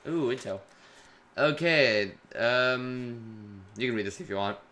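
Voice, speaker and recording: A man's voice: medium pitch, slow pace, sharp tone. A man co-hosting a gaming channel, chatting and joking casually while playing.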